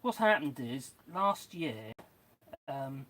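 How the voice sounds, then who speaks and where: A man's voice: medium pitch, very animated, slow, a bit bright, a little hiss or hum. Chatty Englishman rambling in his garden. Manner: rambling, chatty, full of asides to dogs and viewers. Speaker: channel host. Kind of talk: casual live-stream chat. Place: outdoor garden, kneeling in mud. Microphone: phone on a tripod.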